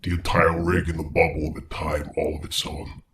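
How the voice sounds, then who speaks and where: A man's voice: very deep voice, little pitch movement, moderate pace, noisy background. A man voicing an erratic, vengeful male scientist in a horror audio story, using a put-on British accent. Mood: grave. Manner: grave, erratic, swings to frantic outbursts.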